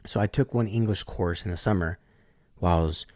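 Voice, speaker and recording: A podcast guest tells an animated story in a loose, slangy way, performing the voices of the people in it. His voice sits low and a little mellow, his pace brisk, in clean studio sound with no room sound.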